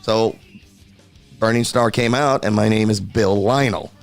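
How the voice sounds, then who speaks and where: A middle-aged man from Texas, a metal singer telling stories in casual podcast chat, animated and acting out the voices of others. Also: fairly low pitch, measured pace, creaky, soft background music. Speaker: guest, heavy metal singer.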